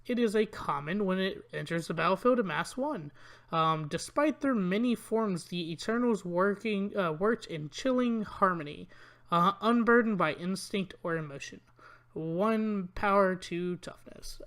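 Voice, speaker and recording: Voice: mid-range voice, a bit bright. A channel host reviewing new trading card spoilers in a casual, rambling way, with many ums and uhs, reading card text aloud and grumbling about weak cards.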